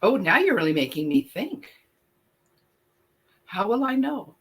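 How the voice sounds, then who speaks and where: A woman co-hosting a casual chat, thoughtful and quick to laugh. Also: medium pitch, sing-song, breathy edge. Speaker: podcast co-host.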